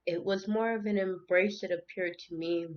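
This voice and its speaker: A spiritual tarot channel host speaks in an unscripted monologue, earnest and emotional, often repeating words and restarting, and tearful at times. Her mid-range voice is steady and at a normal speed. The audio sounds dull.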